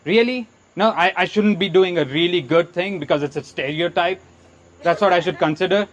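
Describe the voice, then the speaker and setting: A man's voice: high voice, normal speed, highs cut off, close to an everyday voice. An actor playing an exasperated stand-up comedian with an Indian accent, ranting through his set in a comedy club. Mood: fed up. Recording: comedy club with crowd noise. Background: audience laughter.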